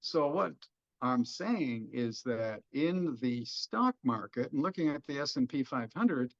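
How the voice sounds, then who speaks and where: A middle-aged economist with a Texan accent talks through markets in a folksy, joking manner, at an ordinary pitch. The sound is dull and lo-fi, like a webinar call. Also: male voice, expressive, unhurried. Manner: folksy, jokey explanations. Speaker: economist guest. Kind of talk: webinar discussion.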